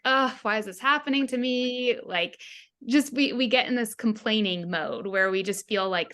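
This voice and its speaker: A woman's voice: medium pitch, bright, forceful tone. A woman health coach who is a guest on a podcast, talking in an earnest, reflective way and acting out her own past thoughts. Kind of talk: casual interview chat.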